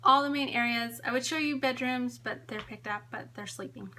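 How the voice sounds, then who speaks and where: A home organizing vlogger in her late thirties, pregnant and a little out of breath, chats and giggles while showing viewers around her house on a tripod camera during a casual live stream. Her voice sits on the high side, bright and forceful at a moderate pace, with a little hiss or hum in the recording.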